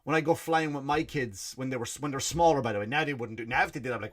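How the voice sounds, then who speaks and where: A comedian from Ireland hosts his podcast, his accent worn toward American after years abroad. He rants in blunt, profane bursts, often breaking off and restarting sentences. His voice sits at an ordinary middle pitch for a man. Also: fast, hardly any pauses. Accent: Irish, partly Americanized. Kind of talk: ranting comedy monologue.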